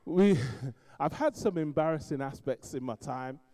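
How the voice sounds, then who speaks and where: Middle-aged London-accented man, animated preacher, mellow dark tone. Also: a little high, a little slow. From East London. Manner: animated storytelling, swings between loud emphasis and quiet asides. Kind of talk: sermon.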